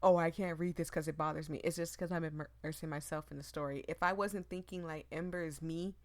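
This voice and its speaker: A woman's voice: sits low, steady tone, no room sound. Emotive woman reading a game aloud. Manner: emotive, immersed reading with nervous laughs and rushed asides. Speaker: gaming streamer. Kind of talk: reading a visual novel aloud with commentary.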